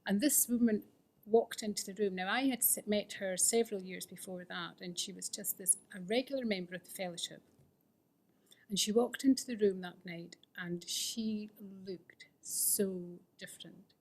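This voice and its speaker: A middle-aged woman with a medium-pitched voice speaks at normal speed, sharing her own recovery story at a fellowship meeting. Her personal testimony is candid and self-mocking, and she often drops into a whisper.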